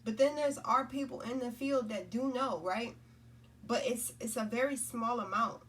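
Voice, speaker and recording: Woman, spiritual vlogger, loose rambling delivery, higher voice, recorded a little far off. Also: moderate pace, fairly bright tone, a little hiss or hum. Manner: rambling, repeats herself, lots of "right?" and "you know?". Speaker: spiritual content creator. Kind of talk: casual spiritual talk to camera.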